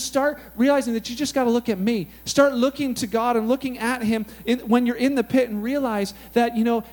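High-voiced man preaching casually. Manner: animated, conversational, frequent "like" and "you know". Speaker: pastor. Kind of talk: casual storytelling sermon.

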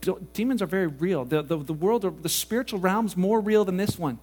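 A man preaching a sermon, animated and casual, acting out quoted voices as he goes. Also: high-pitched, brisk. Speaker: pastor.

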